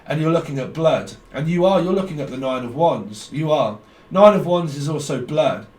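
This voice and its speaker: A man's voice: on the high side, animated, normal speed, a little mellow. Rambling man reading tarot in an echoey room. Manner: stream-of-consciousness, blunt, swears freely. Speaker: tarot reader. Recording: echoey room, distant mic.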